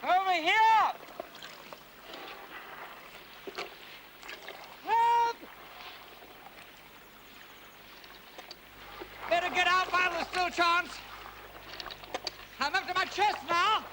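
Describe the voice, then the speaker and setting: An actor playing a breezy lord and gentleman detective, with a clipped, jaunty aristocratic manner, in a 1970s TV crime drama. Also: very high-pitched, fairly even intonation, moderate pace. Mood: alarmed shouting. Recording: 1970s TV film sound, light hiss.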